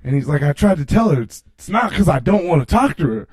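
A man's voice: a little high, sing-song, fast, a little mellow. Crude teasing man on a podcast. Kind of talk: casual podcast banter.

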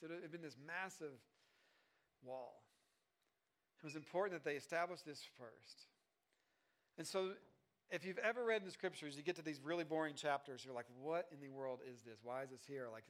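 High-voiced male pastor, chatty sermon. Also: fairly bright tone, smooth. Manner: conversational, joking asides, many fillers and restarts.

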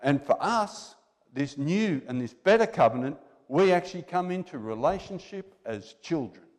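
A man's voice: on the high side, expressive, moderate pace, darkish tone. A male preacher delivering a sermon in a church. He talks conversationally, exhorts his listeners and asks them rhetorical questions. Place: church hall. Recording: long reverb in a church hall.

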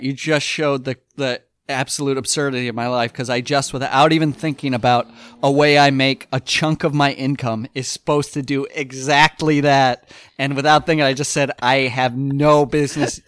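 A man chatting casually as a podcast host, telling rambling, animated stories full of fillers. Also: fairly high pitch, smooth, no room sound, studio quality. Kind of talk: casual chat.

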